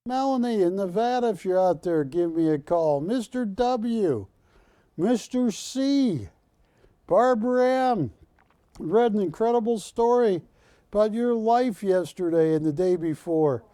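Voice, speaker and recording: A man hosting a live shopping channel, pitching art to callers with persuasive repetition. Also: expressive, a little slow, dark tone, no room sound, studio quality. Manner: persuasive, repeats words for emphasis. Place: TV studio.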